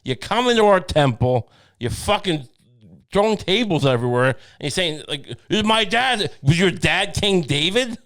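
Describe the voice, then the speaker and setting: A man's voice: on the high side, lively intonation, normal speed, fairly bright tone. A man co-hosting a comedy podcast, rambling and profane, often dropping into mocking impressions. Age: adult, went through Catholic school. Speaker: podcast co-host. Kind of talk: irreverent comedic banter.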